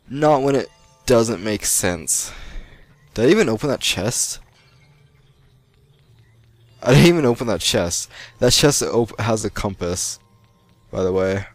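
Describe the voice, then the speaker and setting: A young American man giving rambling, chatty gameplay commentary and laughing often. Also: on the low side. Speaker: let's play gamer. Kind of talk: post-recorded gameplay commentary.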